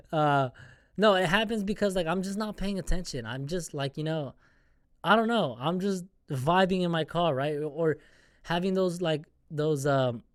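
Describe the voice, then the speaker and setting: A man's voice: a little high, no room sound, clean studio sound. A man hosting a solo podcast, venting in a rambling, profane, self-mocking casual rant. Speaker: podcast host.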